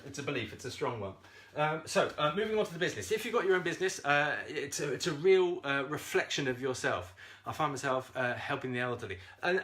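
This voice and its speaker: A man coaching viewers on a live stream, animated and talking straight to them, swearing freely and laughing often. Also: medium pitch. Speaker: self-esteem coach.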